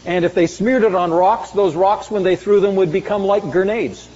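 Emphatic high-voiced male preacher in a reverberant hall. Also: normal speed, dark tone. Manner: emphatic preaching, dramatic swings in pitch and volume. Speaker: pastor. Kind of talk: sermon. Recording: muffled sound with long hall reverb.

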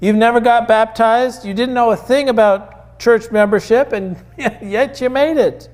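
A man preaching a sermon in a high voice and at an unhurried pace. He talks earnestly and conversationally, telling stories as he goes. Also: fairly even intonation, darkish tone.

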